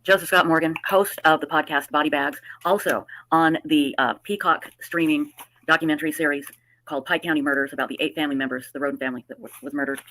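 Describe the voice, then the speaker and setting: A woman's voice: low-pitched, steady tone, fast, bright, forceful tone, rough recording. A woman hosting a live stream in casual, effusive chat, with a slight lisp from new dentures. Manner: effusive, chatty. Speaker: livestream host.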